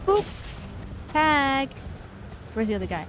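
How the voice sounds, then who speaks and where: Excitable young woman streaming a game. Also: high voice, slow, a little hiss or hum, poor audio. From United States. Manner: excitable, squeals and exclaims at game events, then chats casually. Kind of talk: live gameplay commentary.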